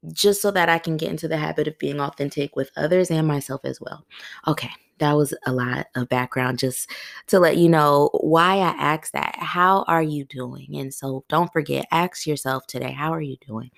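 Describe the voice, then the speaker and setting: A woman's voice: deep voice, vocal fry, no room sound, clean studio sound. A woman in her thirties hosting her own podcast, chatting candidly and calling her listeners "y'all". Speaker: podcast host. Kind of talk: casual solo podcast talk.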